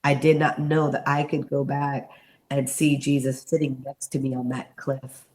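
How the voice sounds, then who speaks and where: A middle-aged woman, an interview guest, telling a personal story in an animated way and acting out the voices she quotes. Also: rumbling low, normal speed.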